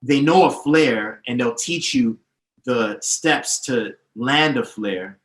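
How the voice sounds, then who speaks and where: Taking it slowly, a man with a medium-pitched, slightly bright voice talks as a guest on a podcast. He's a DJ teacher, confident and emphatic, explaining at length and listing names and history, with a roomy echo on the recording.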